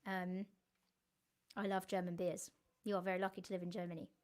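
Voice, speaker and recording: A woman's voice: fairly low pitch, flat delivery, fairly quick, a little mellow. A woman, a singer-songwriter chatting casually to viewers on her live stream, giggly and easily sidetracked.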